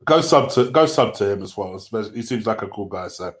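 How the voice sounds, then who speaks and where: A man's voice: lowish voice, expressive, fairly quick, crowd noise. A man co-hosting a football livestream, reading out donations and tripping over names. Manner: stumbling over names, self-mocking. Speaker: livestream co-host. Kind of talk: casual chat, reading out donations.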